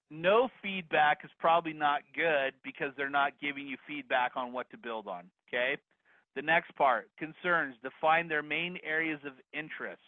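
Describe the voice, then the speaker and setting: A man teaching a live online real estate course, energetic and upbeat, talking straight to the attendees. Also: a little high, no echo. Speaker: real estate investing instructor. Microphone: video call. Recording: dry phone-like video call audio.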